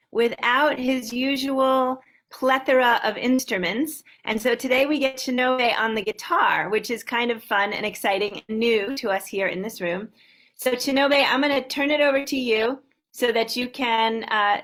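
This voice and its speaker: A woman hosts an online sing-along and cheerfully welcomes people one by one. Her voice sits high. It stays fairly level in pitch as she talks over a video call. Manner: warm, upbeat greetings to a long list of participants. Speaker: host.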